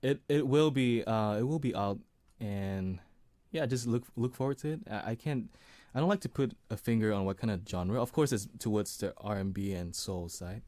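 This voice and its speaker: Relaxed, laid-back man in a dry interview. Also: lowish voice, dry recording. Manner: relaxed, laughs easily, halting restarts. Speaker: singer-songwriter and producer guest. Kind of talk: casual interview chat.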